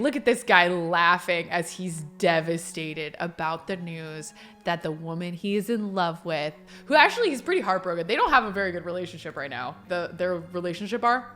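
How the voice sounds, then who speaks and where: A woman's voice: on the low side, expressive, moderate pace, pushed and bright. A woman giving gossipy, dramatic let's-play commentary on a life-sim game as the channel host. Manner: gossipy, dramatic, laughs often. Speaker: gaming YouTuber.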